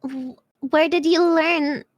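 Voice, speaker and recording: A woman chats on a stream in a high, girlish voice. She speaks slowly and playfully, stretching words into whines and hums. The sound is dry and close. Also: fairly even intonation, dry recording. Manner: playful, drawn-out whining and humming. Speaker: guest streamer. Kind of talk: casual stream chat.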